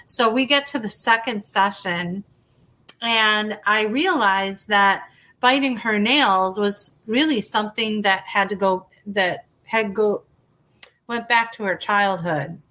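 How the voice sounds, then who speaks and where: A woman hypnotherapist talks through her story in a relaxed interview. Her voice is bright and a touch sharp, sitting at an ordinary middle pitch. She talks chattily, restarts her sentences and acts out the back-and-forth she quotes. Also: slow pace.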